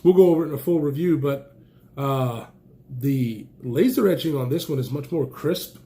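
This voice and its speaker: Casual excitable male gear reviewer, slightly raised pitch, allergy-stuffed, rambling. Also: moderate pace. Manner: enthusiastic, rambling, exclaims often. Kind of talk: casual unboxing chat.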